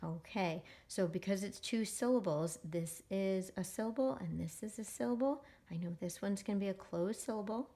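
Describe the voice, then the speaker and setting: A woman leads a phonics lesson for young readers and speaks at a middle pitch. She is patient and encouraging. She stretches each word out slowly so the children can read along. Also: warm tone. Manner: patient and encouraging, reading words slowly aloud. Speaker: reading teacher.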